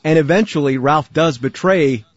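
A middle-aged man with a slightly husky voice asks earnest questions, sometimes groping for words. The sound is dry, with no room around it, and a little dull and lo-fi. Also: fairly high pitch, moderate pace, dry recording. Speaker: interviewer. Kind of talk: interview questions.

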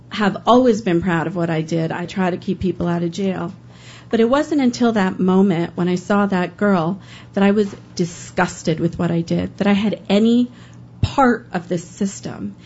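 A woman's voice: on the low side, darkish tone. Woman, live stage storyteller, earnest, emotional, slightly muffled, faint background hiss. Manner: earnest, emotional first-person telling.

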